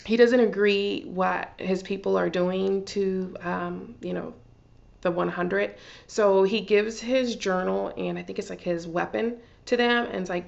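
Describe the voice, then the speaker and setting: A woman chatting excitedly through a TV episode recap, full of fillers and gushing asides. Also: medium pitch, a little slow, gravelly, lo-fi sound. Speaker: TV recap vlogger. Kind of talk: casual TV recap.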